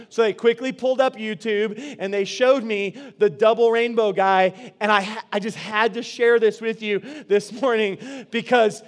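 A pastor making church announcements in a playful, joking way. He is a man with a high voice. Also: fairly even intonation, normal speed. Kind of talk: sermon announcements. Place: church sanctuary.

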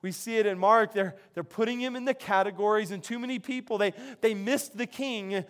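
A man's voice: sits high, a little fast, fairly bright tone. A man preaching a sermon as pastor in a conversational way, often repeating words as he restarts his sentences. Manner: conversational, frequent word repetitions and restarts.

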